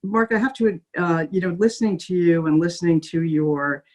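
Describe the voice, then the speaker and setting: A middle-aged woman hosting an interview, speaking haltingly with many fillers and restarts. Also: on the low side, steady tone, darkish tone, poor audio. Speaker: interviewer host. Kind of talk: video call interview.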